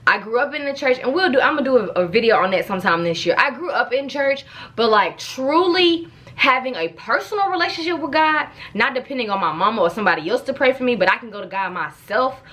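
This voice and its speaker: A young adult woman chatting casually in her own vlog, telling stories in an animated, playful way. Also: a little high, fast talker. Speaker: vlogger.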